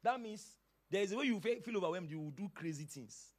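A man's voice: sits high, lively intonation, fast. A male pastor preaching a sermon in an emphatic, dramatic manner, with sudden outbursts.

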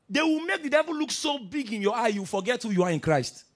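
A male pastor preaching a sermon, telling stories with energy and swinging between soft asides and loud declarations. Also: extremely high pitch, lively intonation, fast talker, few pauses.

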